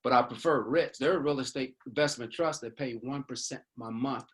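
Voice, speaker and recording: A man's voice: medium pitch, brisk, a bit bright, slightly rough. An older man on a video call panel, affirming and encouraging others. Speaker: panel guest. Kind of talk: casual video call chat.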